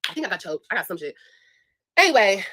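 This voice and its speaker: A woman's voice: medium pitch, very animated, quick pace, sharp tone. A young woman vlogger telling a personal story in a casual, blunt and profane way, speaking straight to her viewers. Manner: blunt, profane, emphatic, addresses viewers directly.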